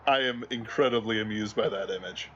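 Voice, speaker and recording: A man's voice: fairly low pitch, brisk, a bit bright, highs cut off, slight background noise. A man co-hosting a livestream in casual chat, rambling while hunting for memes. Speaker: livestream co-host.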